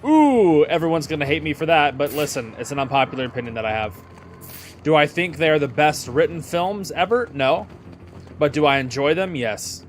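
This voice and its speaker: A man's voice: on the high side, lively intonation, moderate pace, soft background music. A young man giving jokey, chatty commentary while streaming a video game. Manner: jokey, chatty, laughs often. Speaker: gaming streamer. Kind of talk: casual gaming commentary.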